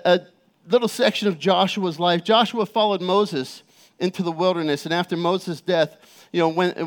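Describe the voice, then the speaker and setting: A middle-aged man preaching a sermon as a pastor, telling personal stories in a loose, conversational way with many fillers before reading scripture aloud. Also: high-pitched. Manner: reads scripture aloud slowly.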